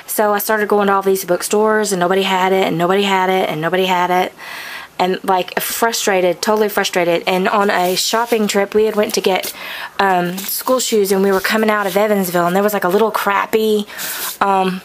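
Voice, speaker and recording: A woman's voice: medium pitch, little pitch movement, a little fast, a little hiss or hum. A young adult woman giving a casual, rambling bookshelf tour in her home studio, full of ums and likes, recorded on a camcorder. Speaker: vlogger. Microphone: camcorder mic.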